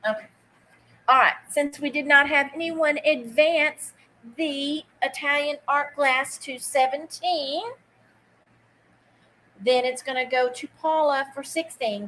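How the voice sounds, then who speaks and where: A woman's voice: high voice, fairly even intonation, takes it slowly, fairly bright tone, a little hiss or hum, low-quality recording. A woman hosting a live online vintage sale. She chats casually, greets viewers by name while she takes bids, and drops easy asides. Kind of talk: live-stream auction chat.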